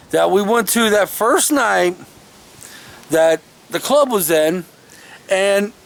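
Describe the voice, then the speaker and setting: With a high-sitting voice and vocal fry, a vlogger recounts an old story from his life, casual, folksy and rambling, correcting himself as he goes. He films outdoors in the shade of a tree on a camera he handles himself.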